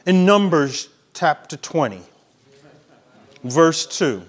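A man's voice: on the high side, slow pace. A male pastor preaching a sermon with emphatic, preachy delivery and laughing at his own points.

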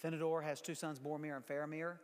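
A man's voice: fairly high pitch, flat delivery, fast talker, in a large hall. A man preaching a sermon as a pastor, mixing scripture reading with conversational asides to the congregation. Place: large church sanctuary.

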